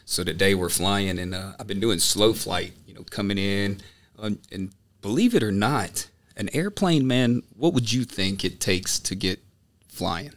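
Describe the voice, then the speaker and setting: A man chatting casually as a podcast guest and student pilot, telling stories in an animated way with lots of "you know" and "like" fillers. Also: fairly low pitch, a little slow. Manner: animated storytelling, filler-heavy. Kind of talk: casual chat.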